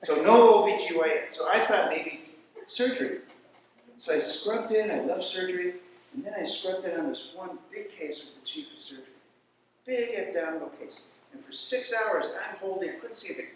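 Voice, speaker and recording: Guy doing standup, kinda high voice, super echoey room, mic far off. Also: normal speed, a little hiss or hum. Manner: storytelling, animated voices for quoted people. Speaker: stand-up comedian. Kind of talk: stand-up comedy routine.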